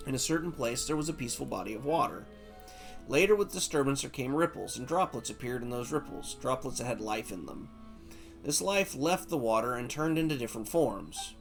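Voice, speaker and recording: A man reading game dialogue aloud as a gentle, wistful female doll who tends flowers, with soft lilting rises. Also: medium pitch, expressive, a little fast, gravelly, soft background music. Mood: reflective.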